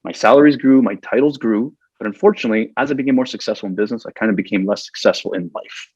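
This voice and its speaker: A man's voice: lowish voice, fast talker, darkish tone, slightly rough, no echo, highs cut off. A man guest on a podcast telling a personal story earnestly, acting out his own past thoughts and getting emotional as he talks. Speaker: podcast guest, corporate trainer.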